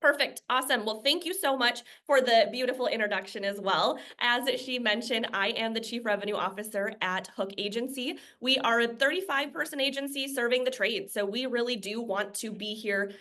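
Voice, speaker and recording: A woman's voice: fairly high pitch, a little fast, few pauses, pushed and bright. Upbeat woman presenting on a call. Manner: upbeat, inviting participation. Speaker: guest speaker.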